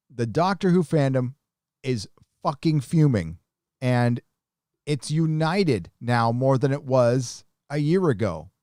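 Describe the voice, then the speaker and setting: A man's voice: medium pitch, darkish tone, dry recording, clean studio sound. A man hosting a live stream, chatting casually and reading viewer comments in a blunt, profane, rambling way.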